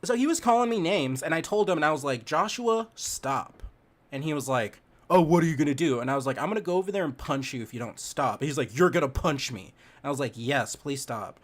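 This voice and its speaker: A man's voice: on the high side, animated, brisk. A young man streaming a game and telling a childhood story in a rambling, profane way, laughing as he goes. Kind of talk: casual storytelling while gaming.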